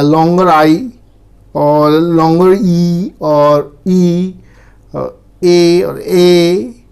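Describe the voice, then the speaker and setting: Man, Indian accent, English pronunciation teacher, bilingual classroom lesson, slow repetitive drilling of words. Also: high-pitched, darkish tone. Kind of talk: classroom lesson switching between English and Hindi. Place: in front of a teaching board.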